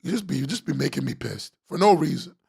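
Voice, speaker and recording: Guy ranting about comics, high swoopy voice, gravelly and husky, sarcastic and swearing a lot. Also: expressive, fast talker, a little mellow. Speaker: webcomics podcast host reviewing comics. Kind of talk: exasperated comic critique.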